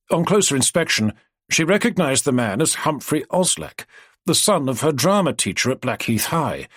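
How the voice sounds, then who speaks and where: A man narrating an audiobook in an expressive storytelling manner. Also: mid-range voice, husky, no echo, clean studio sound. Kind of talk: scripted narration.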